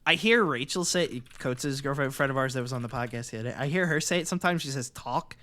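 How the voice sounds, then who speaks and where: A man co-hosting a casual podcast, ranting loudly and excitably with plenty of swearing. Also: medium pitch, quick pace. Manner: loud, profane, excitable ranting. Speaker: podcast co-host.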